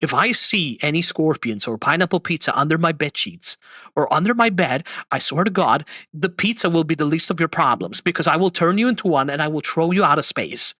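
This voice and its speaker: A man hosting a livestream, reacting to clips with expressive, mock-outraged chatter. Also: a little high, a little fast, no echo. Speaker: streamer host.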